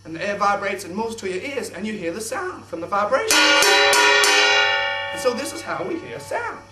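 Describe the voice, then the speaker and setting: A young man presenting a kids' science show in an exaggerated, excitable host voice. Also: high-pitched, normal speed, music in the background. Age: young adult. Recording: echoey room, distant mic.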